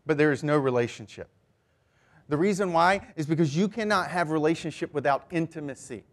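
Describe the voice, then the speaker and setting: A man preaching a sermon as pastor, lively, sometimes mimicking passive-aggressive remarks in a high voice.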